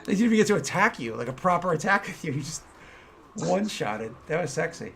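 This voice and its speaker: A man running a tabletop game as game master, explaining rules and then narrating combat with excited energy. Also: on the high side, fast, creaky, slight background noise.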